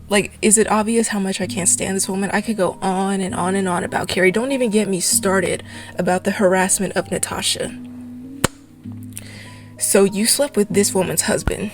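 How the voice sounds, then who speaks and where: A young adult woman giving a fast, exasperated ranting commentary for a video essay. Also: mid-range voice, steady tone, over music.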